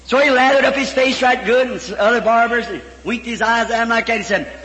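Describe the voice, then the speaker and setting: A man preaching a storytelling sermon before a congregation, fervent, breaking into shouts and chuckles. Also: extremely high pitch, fairly quick. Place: large church hall before a congregation. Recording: echoey hall, faint background noise.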